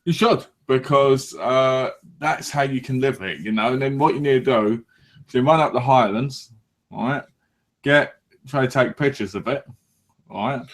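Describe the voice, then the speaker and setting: Joking, rambling English podcast host. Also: male voice, medium pitch, moderate pace. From England. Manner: joking, rambling, with frequent restarts and swearing. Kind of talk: casual banter.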